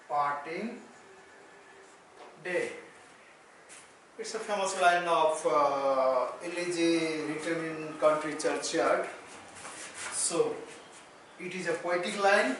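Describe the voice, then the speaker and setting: A man with an Indian English accent teaching a slow, deliberate lesson on poetry. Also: a little high, fairly bright tone, recorded from a distance, a little hiss or hum. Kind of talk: lecture on poetry. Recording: echoey room, voice off-mic.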